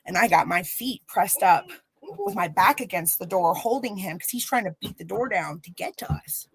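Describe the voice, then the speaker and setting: A woman in her thirties, a podcast guest telling a candid personal story, animated and acting out the voices of people she quotes. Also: on the low side, normal speed, slight background noise, poor audio.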